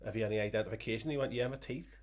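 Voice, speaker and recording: Fast-talking low man. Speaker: podcast co-host. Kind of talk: casual chat.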